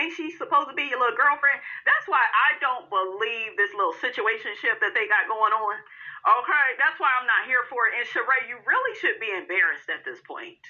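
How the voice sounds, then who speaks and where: Sassy woman with a sharp bright voice. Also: a little high, muffled recording. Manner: sassy, calls listeners honey and child; laughs often at the drama. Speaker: reality TV recap host. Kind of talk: casual recap commentary.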